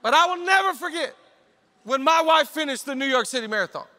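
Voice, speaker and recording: A male pastor preaching a conference sermon, telling a personal story and breaking into shouted exhortations. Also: very high-pitched, expressive, fairly quick.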